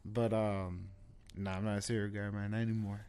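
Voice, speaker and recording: A man's voice: lowish voice, little pitch movement, fairly quick, a little mellow, clear, resonant tone. A man in casual podcast chat, telling laid-back stories full of slang and swearing.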